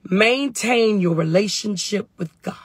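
A woman's voice: mid-range voice, measured pace, slightly rough, no echo. A woman fervently on a phone live stream from her parked truck, answering viewers' comments in call-and-response. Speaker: faith and wellness livestream host.

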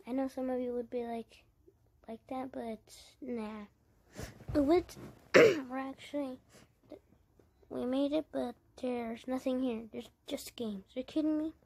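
A woman's voice: sits high, a little slow, vocal fry, pauses often. A woman giving casual let's-play commentary, narrating her own moves and chatting to her viewers. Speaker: gaming channel creator.

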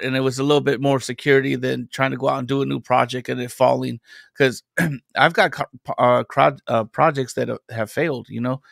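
A man's voice: medium pitch, steady tone, brisk, vocal fry, a bit bright, dry recording, studio quality. A man who is a guest on a podcast, an independent comic creator chatting casually and telling long, rambling stories. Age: adult parent. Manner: rambling storyteller, loose and conversational. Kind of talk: casual chat.

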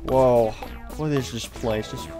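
A man's voice: medium pitch, slow pace, faint music behind. A man mumbling hesitantly through a game roleplay, full of ums and restarts. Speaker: roleplay youtuber playing the boy hero.

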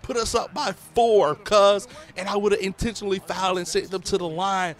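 A man, a father, giving excitable, slangy play-by-play commentary over his own video game session. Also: sits high, moderate pace. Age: adult, a parent. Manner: excitable, slangy hype talk. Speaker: gaming YouTuber.

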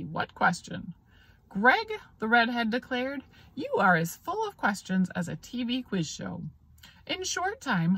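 A woman's voice: medium pitch, a bit bright, slightly rough. A woman reading a children's story aloud, giving the characters light voices of their own, with occasional small slips. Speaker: audiobook reader.

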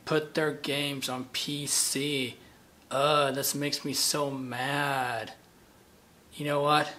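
A man vlogging a mock-angry rant in a deadpan delivery, claiming fury while staying flat. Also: medium pitch, extremely slow. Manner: deadpan, flat monotone despite claiming rage.

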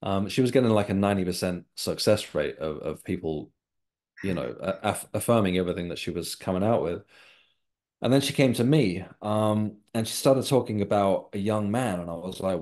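A man's voice: low voice, brisk, darkish tone. A man from England, a guest in an interview, telling a personal story in a reflective, sincere way. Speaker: guest, author and developing medium.

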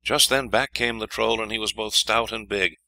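Low, bright-voiced male storyteller. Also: normal speed, gravelly, poor audio. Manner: expressive, lively storytelling. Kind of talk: scripted fairy-tale narration.

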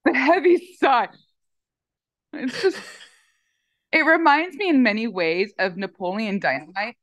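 A middle-aged woman chatting in an interview, telling animated stories with lots of fillers. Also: on the high side, a little slow, dry recording. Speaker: dog owner guest. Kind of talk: casual interview chat.

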